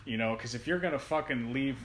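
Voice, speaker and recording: A man co-hosting a podcast, reviewing a movie in casual, profane, animated chat. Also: mid-range voice, fairly quick. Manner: profane, animated, laughing rants. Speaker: podcast co-host. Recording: echoey room with faint noise.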